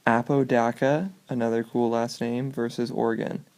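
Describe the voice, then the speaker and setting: Casual male student presenter, gravelly voice, reads summaries and tosses in dry jokes. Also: medium pitch, level tone, moderate pace, darkish tone. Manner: reads formal summaries, then adds offhand jokey asides. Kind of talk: casual read-aloud of case summaries.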